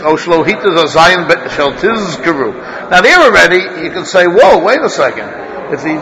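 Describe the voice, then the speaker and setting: A man teaching a Torah study class, his voice sitting a touch higher than most men's. He works through ideas out loud, quizzing the room and restarting his sentences as he goes, while his students are clearly heard around him. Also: poor audio. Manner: thinks aloud, questioning students, many restarts.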